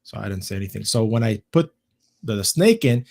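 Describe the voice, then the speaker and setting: Animated swearing male podcast host. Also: on the low side, a little fast, gravelly. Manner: animated storytelling, swearing, repeats himself. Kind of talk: casual chat.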